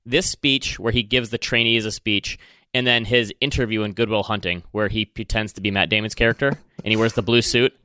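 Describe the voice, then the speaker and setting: A podcast co-host with a Michigan accent talks through his opinions in an easygoing, chatty way. His voice is bright and crisp. It is recorded close and dry, at a middle pitch for a man. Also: steady tone, a little fast, no echo. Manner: opinionated, chatty film talk. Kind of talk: casual chat.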